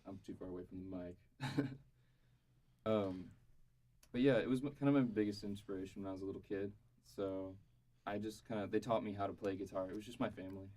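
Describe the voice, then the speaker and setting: A self-deprecating band member talks fast in a lowish voice, stumbling over his openings. He sits too far from the microphone, so he sounds distant. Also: fairly even intonation, warm tone. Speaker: band musician guest. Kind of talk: casual radio interview chat.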